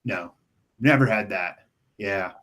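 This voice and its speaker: A man who cleans windows, co-hosting a podcast in relaxed casual chat and asking his partner questions. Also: on the low side, slow pace. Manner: relaxed, asks questions, laughs along.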